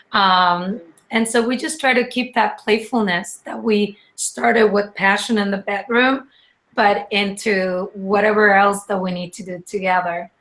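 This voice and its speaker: A woman chatting on a podcast as a guest, rambling and halting, with many restarts and fillers. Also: medium pitch, fairly bright tone. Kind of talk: casual chat.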